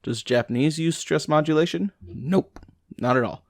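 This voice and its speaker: A man, a native English speaker, reading language lesson notes aloud to himself, slowing down over examples. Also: a little high, gravelly, no room sound, clean studio sound. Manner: reads text aloud with fillers and restarts, slow over examples.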